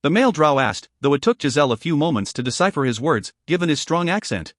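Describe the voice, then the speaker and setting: A man narrating a fantasy audiobook in a dramatic, steady storytelling manner. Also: fairly high pitch, fast, no room sound, studio quality.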